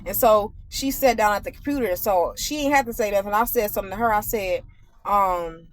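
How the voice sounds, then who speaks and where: A woman speaking to her followers in a relaxed, conversational way, telling a workplace story. She talks directly to the audience and shifts into a preaching tone as she draws the spiritual lesson. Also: medium pitch, brisk, a little hiss or hum. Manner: animated, conversational, addresses viewers directly. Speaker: vlogger. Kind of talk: casual storytime with spiritual message.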